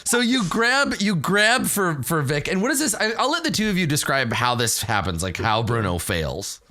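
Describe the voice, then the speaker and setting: A man running a tabletop role-playing game as game master, narrating scenes in an animated way. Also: a little high, normal speed. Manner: animated storytelling, voicing characters.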